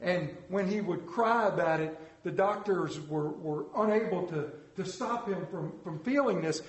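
A man preaching a sermon, telling stories dramatically with big swings in pitch and loudness. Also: a little slow. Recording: echoey room.

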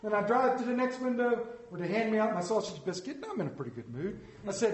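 A man preaching a storytelling sermon, animated and playful, acting out voices in his anecdotes. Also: high-pitched, quick pace, hardly any pauses, slight background noise. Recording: echoey room.

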